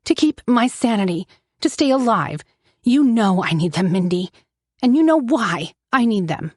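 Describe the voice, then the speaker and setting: A woman's voice: fairly high pitch, big pitch swings, moderate pace, no room sound, clean studio sound. A woman voicing a desperate addicted sister who pleads, then turns bitter, in an audiobook. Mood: insistent. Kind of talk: audiobook narration.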